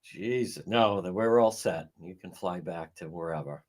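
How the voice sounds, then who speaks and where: A man's voice: deep voice, unhurried. A man giving blunt, profane, sarcastic live commentary on a livestream, mocking people by acting out what they said. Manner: sarcastic and mocking, acts out others' quotes. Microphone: livestream microphone.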